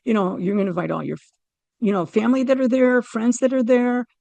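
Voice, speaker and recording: Gravelly-voiced woman telling a heartfelt story. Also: on the high side, fairly quick, no room sound. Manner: earnest, animated storytelling with quoted dialogue and soft laughs; vivid, emotional retelling of a family loss. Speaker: guest sharing a near-death experience. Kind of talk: personal storytelling interview.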